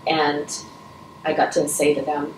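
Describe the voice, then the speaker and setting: A middle-aged woman with a low, mostly monotone voice and a slightly mellow quality speaks at a measured pace. She's an interview guest, a Rotary vice president, answering questions earnestly and emotionally, often restarting and choking up at times. The recording is distant in an echoey room with faint noise.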